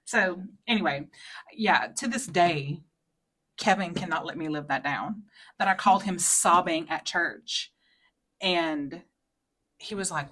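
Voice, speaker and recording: She speaks at a measured pace, leaving long pauses. A thirtysomething woman co-hosting a podcast, she tells a story in casual, filler-laden chat and voices the quotes she acts out high and loud.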